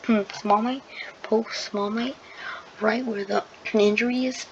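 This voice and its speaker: Woman storyteller, slow, rambling, filler-heavy improvised retelling; dull lo-fi take with loud noise behind. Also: a little high, steady tone. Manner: rambling, full of ums and likes, restarts. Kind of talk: improvised fan-fiction retelling.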